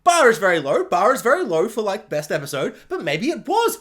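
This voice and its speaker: A man's voice: sits high, wildly swooping pitch, brisk, fairly bright tone. A man giving an exasperated, self-mocking rant in a video review, breaking into laughter often. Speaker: show reviewer.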